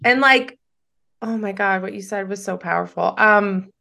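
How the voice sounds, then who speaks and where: A woman's voice: medium pitch, normal speed, creaky, bright, forceful tone. A woman hosting a podcast interview, effusive and encouraging toward her guest. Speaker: podcast host. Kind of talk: casual interview chat.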